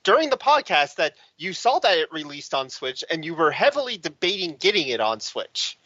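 A co-host on a casual podcast, teasing with quick interjections. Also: medium pitch, sing-song, a bit bright, dry recording, lo-fi sound.

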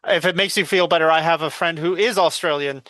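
A man talks loosely about video games, often restarting his sentences. His voice is bright and sits a bit high. The recording is dry and close. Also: fast talker, dry recording. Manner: rambling, self-correcting. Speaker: podcast co-host. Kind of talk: casual gaming news chat.

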